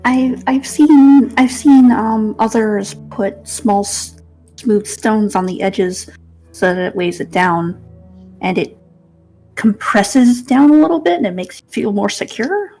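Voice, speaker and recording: A woman's voice: a little high, takes it slowly, warm tone, soft background music. A woman playing a tabletop game, talking hesitantly and repeating her words. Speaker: player.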